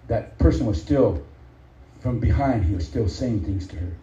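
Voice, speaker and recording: A male preacher telling a story in a sermon, chatting along, acting out the quotes and building to shouted points. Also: medium pitch, expressive, moderate pace. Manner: conversational, acts out quotes, builds to shouted emphasis. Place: church hall. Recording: echoey hall from far off, dull.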